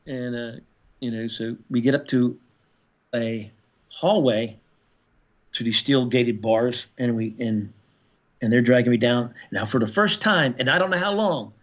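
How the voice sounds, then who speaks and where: An older man, a former Marine, telling his story as a podcast guest in a gritty, profane way with halting restarts. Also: medium pitch. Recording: slightly dull lo-fi audio.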